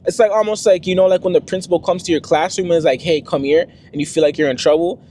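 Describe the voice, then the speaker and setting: A man's voice: on the high side, fast, a little hiss or hum. A young man and first-time father telling a story to the camera in a casual, slangy vlog style. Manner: slangy, conversational, animated retelling.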